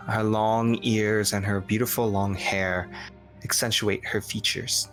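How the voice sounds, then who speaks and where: A man narrating as game master in a tabletop game, with slow, descriptive storytelling that halts on fillers. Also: fairly low pitch, little pitch movement, a bit bright, faint music behind.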